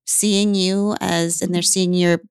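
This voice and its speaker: A woman's voice: fairly low pitch, little pitch movement, slow pace, clear, resonant tone, no echo, studio quality. A woman co-hosting a podcast, speaking earnestly and emphatically to her guest. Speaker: podcast co-host. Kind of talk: heartfelt podcast conversation.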